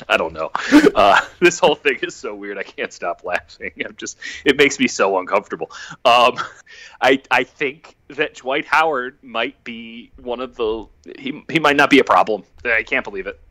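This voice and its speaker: A man's voice: medium pitch, animated, normal speed, sharp tone, no echo. A man chatting casually on a sports podcast, laughing often and restarting his sentences. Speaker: podcast guest.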